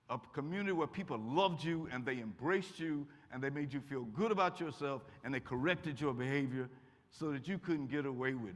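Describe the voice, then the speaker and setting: An older man from Kentucky telling stories to a college audience in a folksy, humorous way, now and then acting out what people said. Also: fairly high pitch. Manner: folksy, warm humor, acts out quotes. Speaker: guest speaker. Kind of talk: lively storytelling talk to students. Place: college auditorium. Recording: echoey hall.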